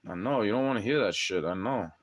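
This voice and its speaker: Agitated ranting young man, lively pitch. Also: fast talker. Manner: profane, agitated, talks straight at the listener. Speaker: livestreamer. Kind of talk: ranting livestream monologue.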